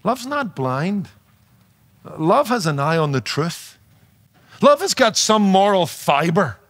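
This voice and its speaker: A man's voice: high-pitched, sing-song, takes it slowly, fairly bright tone. A man preaching a sermon with a noticeable accent that is not local to his listeners, emphatic and playful, with rhetorical questions. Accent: non-native to his audience, noticeable. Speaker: pastor and radio preacher.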